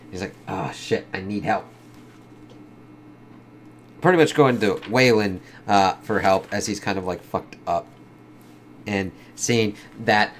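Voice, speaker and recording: A man reviews a comic book casually, swearing heavily and leaning on fillers like "kind of" and "like." His voice is fairly low, with a bit of background noise.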